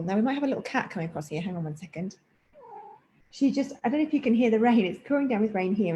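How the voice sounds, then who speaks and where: Mellow-voiced woman teaching breathwork. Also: mid-range voice, a little hiss or hum, low-quality recording. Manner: chatty and explanatory, breaking off for asides to her cat. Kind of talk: casual spoken class introduction. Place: at home indoors, rain outside.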